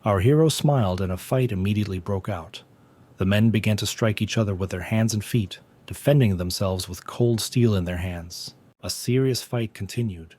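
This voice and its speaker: Low-voiced man narrating a recap. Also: darkish tone. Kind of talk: scripted narration.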